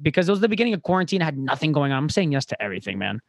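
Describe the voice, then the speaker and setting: Higher-voiced man hosting a podcast chat. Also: racing, vocal fry, no room sound. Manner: probing, rambling, profane. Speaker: podcast host. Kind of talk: casual chat.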